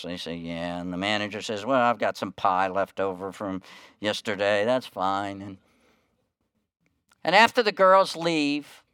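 A man preaching a sermon, telling a story with hushed quoted lines and rising emphasis. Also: fairly low pitch, smooth, dry recording, clean studio sound. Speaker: pastor.

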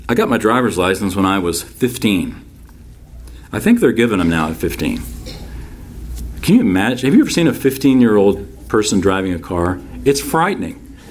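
A male pastor delivers a sermon in a voice of ordinary pitch for a man. He drives each point home by saying it twice. He slips easily into relaxed, folksy storytelling full of asides. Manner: emphatic, repeats key phrases.

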